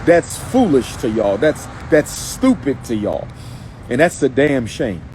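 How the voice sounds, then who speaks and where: A man's voice: medium pitch, sing-song, measured pace, darkish tone, slight background noise, poor audio. A man delivering a live-streamed monologue as an activist commentator, emphatic and repetitive, speaking straight to the person he answers. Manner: emphatic and repetitive, addressing someone directly.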